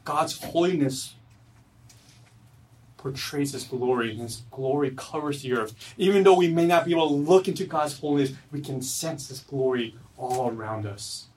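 A man preaching a sermon at a church service, earnest, swinging from loud emphatic lines to low quiet ones. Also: moderate pace, recorded from a distance, poor audio. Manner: earnest, rises loud then drops low and soft. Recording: voice from away from the mic.

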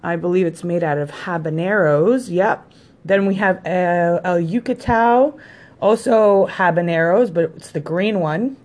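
A woman's voice: on the low side, a little slow, darkish tone. A woman co-hosting a podcast, chatting in an upbeat way and teasing her co-host. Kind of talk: casual chat.

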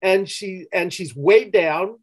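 A man's voice: high voice, takes it slowly, low-quality recording. A male therapist recounting a session in conversation, emphatic and repeating key words for weight. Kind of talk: storytelling in conversation.

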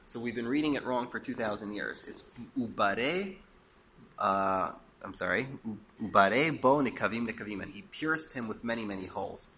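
A man teaching a Torah class, explaining and posing rhetorical questions, a bit hoarse and coughing as he loses his voice. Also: lowish voice, expressive, normal speed, sharp tone. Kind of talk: lecture.

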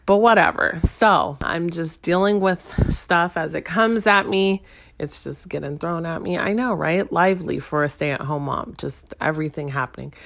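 A woman's voice: lowish voice, no room sound, studio quality. A woman in her thirties, a stay-at-home mom, telling a casual wry story straight to her listeners.

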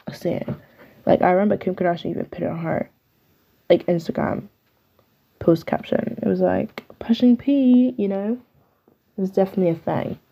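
A young woman chatting on her own podcast, opinionated and loose, with "like" dropped into every thought. Her voice sits low and has a gravelly fry to it. The recording sounds dull and lo-fi. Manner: chatty, opinionated, filler-heavy with "like". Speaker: podcast host. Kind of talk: casual solo podcast chat.

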